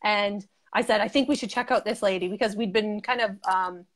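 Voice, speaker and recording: A woman's voice: medium pitch, a little fast. Bubbly, chatty young woman guest. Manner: gushing, chatty, frequent "like" and laughs. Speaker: interview guest, group member. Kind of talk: casual chat.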